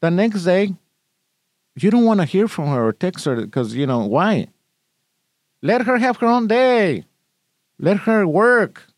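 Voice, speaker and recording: A man co-hosting a podcast, teasing and blunt as he lays out his opinions. His voice sits somewhat high. The sound is close and dry. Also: sing-song, measured pace, long pauses, no room sound. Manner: teasing, blunt, gives mock advice. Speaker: podcast co-host. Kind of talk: casual chat.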